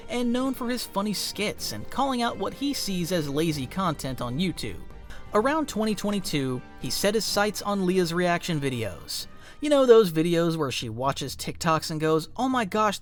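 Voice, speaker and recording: A narrator reading a scripted online documentary in a punchy, conversational storytelling manner. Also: medium pitch.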